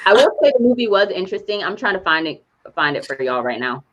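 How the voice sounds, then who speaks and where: A woman co-hosting a podcast who retells a movie plot in casual chat, animated and laughing as she goes. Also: mid-range voice, quick pace, dull audio. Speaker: podcast co-host.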